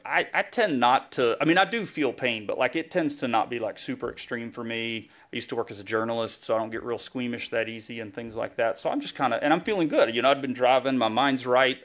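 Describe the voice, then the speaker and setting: A man's voice: mid-range voice, quick pace, hardly any pauses, fairly bright tone. Man preaching with a humorous, chatty storytelling style. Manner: humorous, self-deprecating storytelling; casual, filler-heavy delivery. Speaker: pastor. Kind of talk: conversational sermon.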